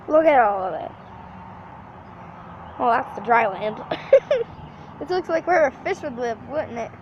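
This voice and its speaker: A woman's voice: high-pitched, darkish tone. A woman chatting playfully into her phone for a casual vlog, her voice swinging up and down as she talks. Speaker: vlogger. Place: home under remodeling, then outdoors in rain. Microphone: phone held in hand. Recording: muffled noisy phone recording.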